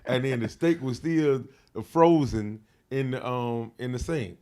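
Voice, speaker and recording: A man telling a wild personal story in an interview, slangy and profane, full of fillers, getting loud and animated as he acts it out. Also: mid-range voice, a little slow. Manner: grows loud and animated when reenacting. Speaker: interview guest.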